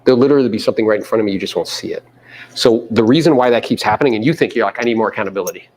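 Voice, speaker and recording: A man coaching a live audience in a meeting room, animated and casual, sometimes coarse, often acting out other people's voices. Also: medium pitch, racing, a little hiss or hum. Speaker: real estate coach. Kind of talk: live seminar talk to an audience.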